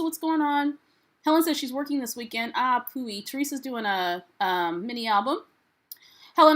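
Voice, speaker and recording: A woman's voice: fairly high pitch, fairly bright tone. Chatty American woman hosting a livestream. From United States. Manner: chatty, reads viewer comments aloud, upbeat greetings. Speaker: livestream host. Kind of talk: casual live-stream chat.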